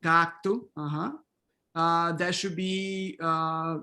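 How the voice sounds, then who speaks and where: A man's voice: on the high side, fairly even intonation, gravelly, bright, forceful tone. Patient man drilling pronunciation on a call. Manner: repeats words slowly, affirms with uh-huh. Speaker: workshop instructor. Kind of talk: online pronunciation drill with students. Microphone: video call.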